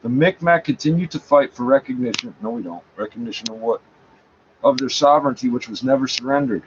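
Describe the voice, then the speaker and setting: A man's voice: mid-range voice, fairly quick. Scornful man arguing with what he reads. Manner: scornful, swears often, talks back to the text. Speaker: commentator reading aloud. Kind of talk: reading a page aloud and arguing with it. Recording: dull lo-fi sound, faint background noise.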